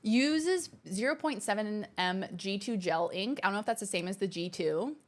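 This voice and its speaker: Reading viewer messages during a livestream from her home streaming room, this host gushes and exclaims often in a casual, bubbly chat. Her mid-range voice carries lively intonation.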